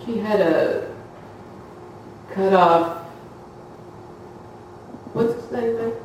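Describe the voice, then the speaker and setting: A woman's voice: medium pitch, very slow, a little mellow. A chatty woman tells stories from her week as an informal sermon, laughing easily as she goes. She sounds far from the mic, in a very echoey hall with a faint hum of room noise behind her. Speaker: church speaker giving testimony.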